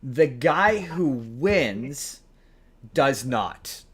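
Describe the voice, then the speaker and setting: A man hosting a podcast, casually retelling a film plot in a rambling, animated way. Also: mid-range voice, drawn-out words, breathy edge. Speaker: podcast host. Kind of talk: casual chat.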